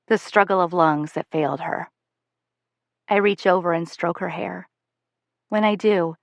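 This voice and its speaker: A woman giving measured, soft-spoken first-person audiobook narration into a close studio mic. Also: fairly low pitch, gravelly, dry recording.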